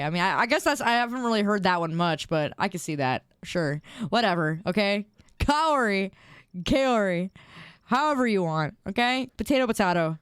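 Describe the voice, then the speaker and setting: A woman's voice: mid-range voice, clean tone, dry recording, clean studio sound. A young woman streamer in casual chat, reading viewer messages aloud and giggling often.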